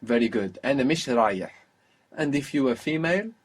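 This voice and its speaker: A man's voice: mid-range voice, lively intonation, fast talker, breathy edge. Patient male language teacher. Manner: patient, prompting the student with questions. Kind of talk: guided language lesson.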